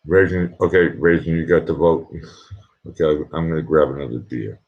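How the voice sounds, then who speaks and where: Very deep-voiced man streaming quietly. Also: normal speed. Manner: hushed, rambling, reads chat aloud. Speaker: livestreamer. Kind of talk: casual live-stream chat. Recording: dull lo-fi sound.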